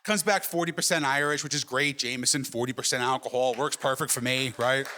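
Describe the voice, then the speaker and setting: A man's voice: mid-range voice, steady tone, a little fast, bright, forceful tone, a faint crowd. A middle-aged man doing a stand-up comedy set, telling brash, profane stories and peppering them with "right?" asides. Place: comedy club stage with live audience.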